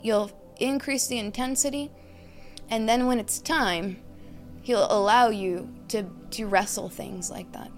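A woman delivers a meditative sermon in a slightly high voice. She teaches by posing questions and listing ideas, and she sinks into a hushed tone on key phrases. Soft music plays faintly underneath. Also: steady tone, unhurried. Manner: reflective, teaching with questions and lists. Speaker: preacher.

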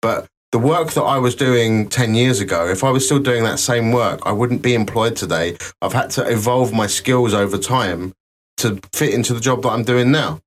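A man's voice: mid-range voice, normal speed. A man in casual podcast talk, arguing his point with dry jokes. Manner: dry, joking, argumentative. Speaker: podcast co-host, works in IT.

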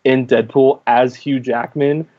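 A man's voice: mid-range voice, little pitch movement, slow pace, a little mellow, no echo, highs cut off. A young man co-hosting a movie review, rambling casually with lots of filler words. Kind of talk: casual chat.

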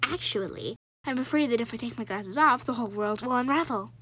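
A woman's voice: high-pitched, animated, moderate pace, a bit bright. A young female reader voicing an earnest, formal boy who wears glasses. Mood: hushed.

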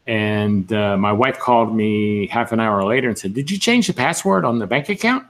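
A man's voice: lowish voice, animated, normal speed, a bit bright. Rambling man in casual chat. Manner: rambling storyteller, lots of fillers. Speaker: podcast co-host.

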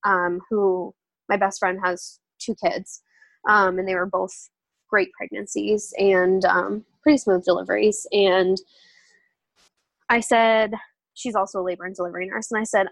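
A young adult woman, a podcast guest, talking candidly and earnestly in a relaxed interview, with many fillers. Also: mid-range voice, dry recording. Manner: earnest, open, filler-heavy storytelling.

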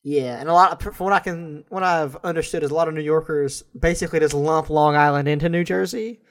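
A man's voice: a little high, fast. Laughing man on a podcast. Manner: laughs often, jokey, trails off into mumbles. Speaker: podcast co-host. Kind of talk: casual comedic political chat.

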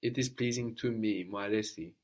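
A man's voice: lowish voice, fairly quick. A man teaching a language lesson, patiently prompting his student with questions and explaining grammar.

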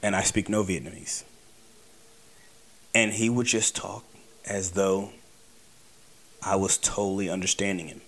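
A man's voice: sits low, flat delivery, measured pace, long pauses, fairly bright tone. A man telling a casual personal anecdote in a conversational, wry way, repeating words for emphasis. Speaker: storyteller.

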